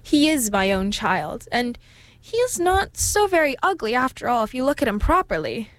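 A woman voicing a fretful, proud mother duck in a storybook reading, with a fussy, lively manner. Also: a little high, moderate pace, dry recording.

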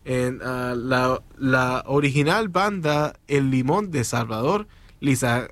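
A man co-hosting a radio music show, chatting in a relaxed, agreeable way and often saying "yeah". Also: medium pitch, a little slow, dry recording. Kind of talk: casual radio chat.

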